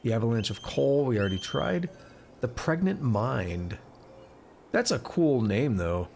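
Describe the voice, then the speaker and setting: A man's voice: medium pitch, very animated, measured pace, gravelly, darkish tone, slight background noise. A man streaming a game live, chatting casually and reading in-game text aloud, stumbling over words and correcting himself.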